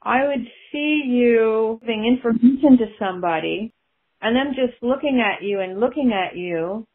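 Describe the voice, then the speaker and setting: A woman guest telling stories in a casual chat and laughing often as she talks. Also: medium pitch. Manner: chatty, laughs through her stories. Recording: tinny phone line.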